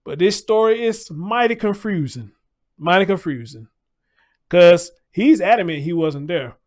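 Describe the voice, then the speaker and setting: A man's voice: high-pitched, lively intonation, a little slow, darkish tone. A man hosting a livestream, talking loosely in casual commentary, repeating his points and greeting viewers in the chat.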